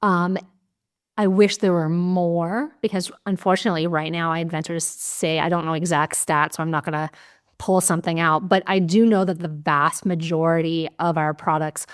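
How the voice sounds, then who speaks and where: A woman hosting a podcast, telling stories in a candid, animated way and swearing casually. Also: fairly low pitch, smooth. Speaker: podcast host. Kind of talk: casual conversational interview.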